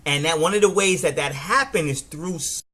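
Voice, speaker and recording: A middle-aged man with a New York accent, giving a casual, animated business training talk and often restarting his words. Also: fairly high pitch, moderate pace. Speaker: network marketing trainer.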